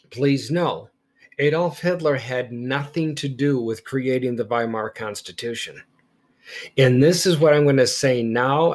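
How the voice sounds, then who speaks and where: A man teaching history in a podcast lecture, speaking emphatically and deliberately and stressing key words. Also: mid-range voice.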